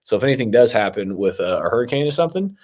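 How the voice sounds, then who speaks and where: A man's voice: medium pitch, sing-song, very fast, darkish tone. A man coaching on real estate investing as he answers viewer comments in a casual live-stream Q&A, talking loosely with many fillers and an upbeat tone toward his viewers. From Ohio.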